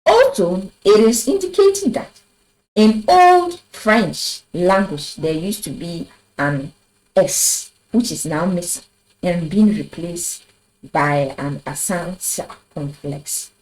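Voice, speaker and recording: Slow, low-voiced woman teaching French. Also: darkish tone, low-quality recording. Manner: slow, deliberate teaching with rhetorical questions. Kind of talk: video language lesson. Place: in front of a board.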